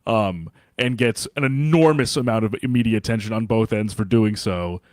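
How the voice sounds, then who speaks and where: A man's voice: fairly low pitch, normal speed, dry recording, studio quality. Rambling man co-hosting a podcast. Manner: rambling with many fillers and restarts. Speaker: podcast co-host. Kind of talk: casual political sports chat.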